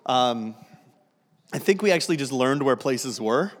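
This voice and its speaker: Joking pastor in a reverberant hall. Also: male voice, medium pitch, animated, a little slow. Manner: self-deprecating, joking, frequent restarts. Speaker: guest pastor. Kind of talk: humorous sermon. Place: church sanctuary.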